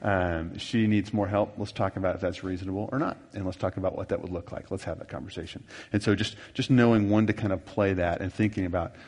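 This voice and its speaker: A middle-aged man with a fairly low voice leads a marriage seminar. He talks in a folksy, rambling manner full of fillers and asides. A long reverb trails behind him in a large hall. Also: steady tone, quick pace, few pauses, darkish tone. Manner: folksy, rambling, self-deprecating with many fillers. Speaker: marriage workshop speaker. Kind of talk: conversational seminar teaching.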